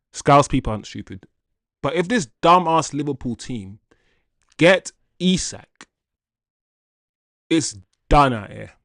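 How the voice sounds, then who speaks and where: A man's voice: medium pitch, fairly bright tone, no room sound, clean studio sound. Exasperated man hosting a live stream. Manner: exasperated, talks to chat; reads viewer comments aloud. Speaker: livestream host. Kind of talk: live fan commentary.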